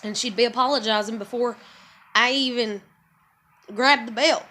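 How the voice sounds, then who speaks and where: Woman in her thirties, high bright voice, angry profane venting vlogger. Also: steady tone, moderate pace. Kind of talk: angry confessional rant.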